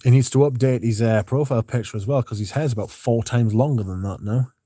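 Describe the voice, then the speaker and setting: A man's voice: mid-range voice, brisk, dry recording, studio quality. A man hosting a fragrance livestream, chatting casually and rambling between comments. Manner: relaxed, rambling, chatty with fillers.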